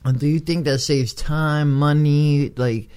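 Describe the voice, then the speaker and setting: A man's voice: steady tone, unhurried, smooth. A man hosting a casual interview chat, swearing freely and often laughing. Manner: loud, profane, laughing rants with swings in pitch. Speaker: podcast host.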